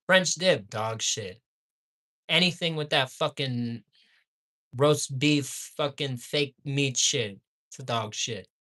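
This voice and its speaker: Guy ranting nonstop about fast food, swearing constantly, bright sharp voice, mutters then yells. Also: mid-range voice. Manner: swears constantly, repeats insults, swings from muttering to yelling. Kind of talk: profane ranting review.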